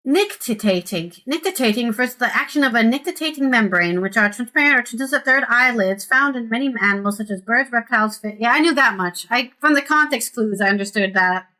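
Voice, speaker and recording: A woman's voice: a little high, quick pace, few pauses, pushed and bright. A woman streaming a video game, chatting casually and reading the game's text aloud. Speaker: gaming streamer.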